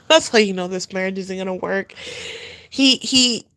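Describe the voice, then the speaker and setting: Slow, mocking woman commentator. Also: mid-range voice, bright, forceful tone. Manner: mocking, blunt, swears often. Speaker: commentator reacting to a video. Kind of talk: profane reaction commentary.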